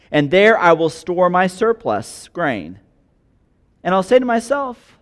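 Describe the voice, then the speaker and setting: A man's voice: huge pitch swings, unhurried. A man preaching a sermon, reading a passage aloud and then explaining it in plain everyday words. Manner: reads scripture aloud, then explains it in plain conversational terms; voices the rich man's and God's words with shifting pitch and loudness. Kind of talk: sermon on a parable.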